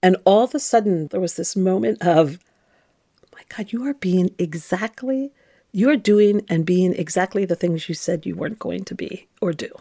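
A woman's voice: fairly low pitch, a little fast, vocal fry, hardly any pauses, dark tone, dry recording, clean studio sound. A middle-aged woman, a former nun, telling her own story in a candid, reflective and emphatic way. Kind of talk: personal storytelling.

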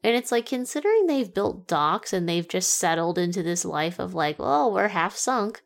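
A woman's voice: lowish voice, lively intonation, normal speed. A woman co-hosting a casual movie review chat, making dry, wry jokes. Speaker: podcast co-host.

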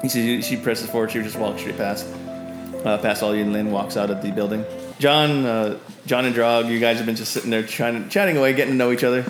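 A man's voice: mid-range voice, steady tone, a little fast. A man running a tabletop game as game master, narrating in a rambling way with many fillers. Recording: roomy sound with music behind.

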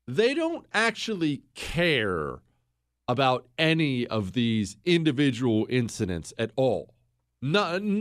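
A man's voice: fairly high pitch, no room sound, clean studio sound. A man hosting a political talk radio show, delivering a combative, sarcastic monologue and raising his voice to make a point. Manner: combative, sarcastic, shouts for emphasis.

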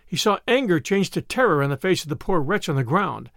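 A man narrating a classic novel as an audiobook, expressive and acting out the shouted lines. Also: high-pitched, fairly quick, gravelly, no echo, clean studio sound.

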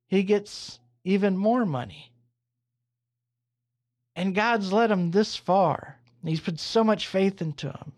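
A man hosting a podcast, telling a long drawn-out joke with playful asides and speaking affectionately to his listeners. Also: high-pitched, a little mellow. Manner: affectionate, theatrical farewell to listeners. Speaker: podcast host. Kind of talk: casual storytelling and sign-off.

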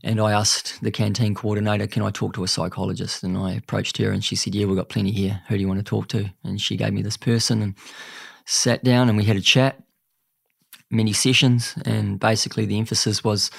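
A young man with a New Zealand accent, a podcast guest telling a painful personal story in an earnest, halting way, often saying "mate". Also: lowish voice, level tone, vocal fry, no room sound, clean studio sound.

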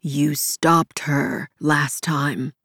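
A woman reader puts on a gentle but firm man who soothes a distressed companion, pitched a touch lower than her narration. He speaks very slowly and softly, in a dry, close storybook recording. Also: no room sound, full character voice. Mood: calm. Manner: soft, careful, soothing. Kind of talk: audiobook character voice.

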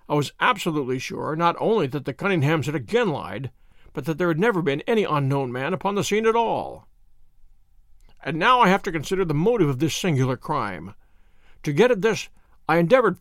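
A man reading aloud, voicing a confident, sharp detective who explains in a measured way. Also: a little high, no echo, clean studio sound.

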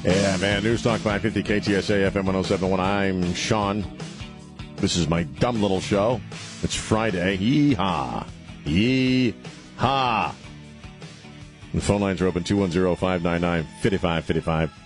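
Over music, a middle-aged man with a deep voice and fairly even intonation talks briskly while hosting a call-in radio show in the studio. His casual talk radio monologue is rambling and sarcastic, full of restarted sentences.

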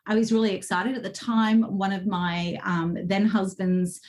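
Woman, guest coach, casual interview, animated storytelling. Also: medium pitch, a little slow. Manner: animated storytelling with laughs and acted quotes.

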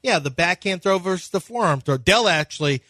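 A man's voice: high-pitched, lively intonation, brisk, pushed and bright, no echo, clean studio sound. A man co-hosting a sports radio show, teasing and joking with his co-hosts. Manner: teasing, jokey, slips into mock voices. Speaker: radio co-host. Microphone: studio microphone.

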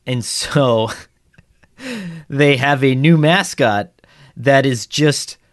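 A man's voice: mid-range voice, expressive, drawn-out words, dry recording, studio quality. A man co-hosting a football podcast, telling stories in a wry, amused way in casual chat. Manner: wry, amused storytelling with chuckles. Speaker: podcast co-host.

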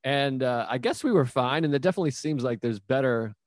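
A man in his thirties hosting a casual podcast interview, musing aloud and asking relaxed follow-up questions. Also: mid-range voice, brisk, dry recording, clean studio sound. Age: 30s. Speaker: podcast host.

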